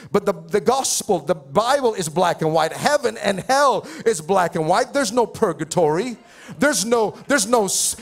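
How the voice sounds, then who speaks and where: A male pastor preaching a sermon, stammering and repeating words, building to shouted fervor. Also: high-pitched. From Pacific Islands. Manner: repetitive stammering restarts, rising to shouting fervor.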